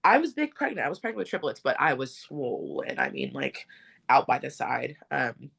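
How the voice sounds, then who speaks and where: A woman's voice: rumbling low, sing-song, moderate pace, creaky, fairly bright tone, breathy edge. A young adult woman, a podcast guest, telling a personal story in an interview, earnest and rambling with many fillers.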